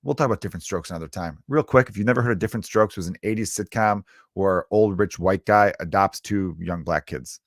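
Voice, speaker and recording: A male comedian and podcast host from the Chicago area, riffing through a crude, rambling comedic monologue with quick asides. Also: deep voice, no room sound, studio quality. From Chicago area, United States.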